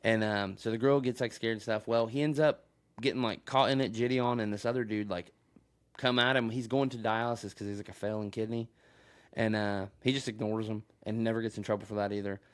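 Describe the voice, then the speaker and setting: A man's voice: lowish voice, fairly even intonation, a little fast, clear, resonant tone. A man recorded on a phone, rambling through a crude story in casual podcast chat and laughing often. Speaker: podcast co-host.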